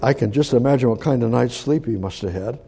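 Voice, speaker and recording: A man preaching a sermon in an animated, rambling way, often restarting his sentences. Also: medium pitch, fairly quick, gravelly, breathy edge.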